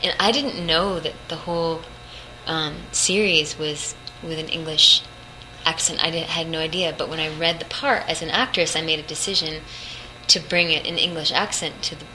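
Low-pitched and sharp-toned, yet steady and moderately paced, a young female voice actress rambles chattily as an interview guest, laughing often. She's in a hotel room at a convention, with noisy ambience and a background hum.

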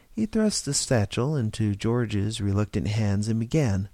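A man reading a story aloud in steady, expressive narration. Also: on the low side, moderate pace, hardly any pauses, no echo. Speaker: story reader.

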